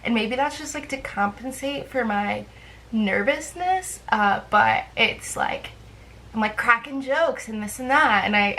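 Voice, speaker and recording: A woman's voice: mid-range voice, bright, forceful tone, slight background noise, poor audio. A young woman chatting casually to camera in a rambling, self-deprecating way, with lots of fillers. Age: young adult. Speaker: vlogger.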